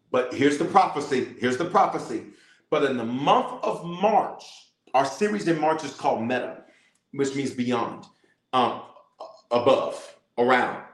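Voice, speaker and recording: A middle-aged bishop leading a livestreamed prayer, repeating phrases and calling on viewers to respond. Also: male voice, mid-range voice. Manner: animated preacher, repeats phrases, calls for responses. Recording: roomy echo.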